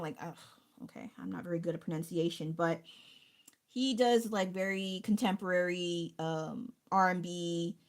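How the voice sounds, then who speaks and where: Woman, lowish pitch, casual rambling stream chat, chatty with restarts. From United States. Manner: chatty, rambling, self-interrupting. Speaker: art streamer.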